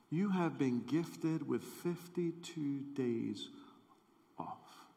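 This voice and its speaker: A man's voice: on the high side, drawn-out words, vocal fry, warm tone. A male pastor preaching in a playful, conversational way, speaking directly to his audience. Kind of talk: sermon. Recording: long hall reverb.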